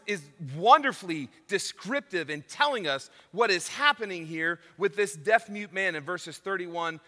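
Man, pastor, sermon, high voice, bright tone, emphatic, hushed to loud, long hall reverb.

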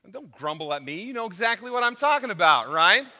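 High, bright-voiced male preacher in a hall. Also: big pitch swings, quick pace. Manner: emphatic preaching, swings from hushed to loud. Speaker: pastor. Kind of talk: sermon.

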